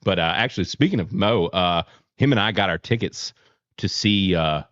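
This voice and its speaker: A man's voice: deep voice, moderate pace, fairly bright tone, no echo, muffled recording. A Southern man from near Charlotte hosting a live-stream podcast, rambling, swearing freely and laughing often. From near Charlotte, North Carolina. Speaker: podcast host. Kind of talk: casual live-stream chat.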